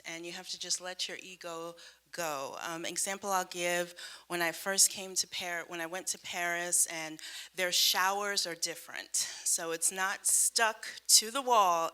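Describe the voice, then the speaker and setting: A woman with a bright voice tells a self-mocking story to a room of students. She is animated and quick to poke fun at herself. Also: medium pitch, clear, resonant tone. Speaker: panelist. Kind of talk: casual storytelling on a panel. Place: event room.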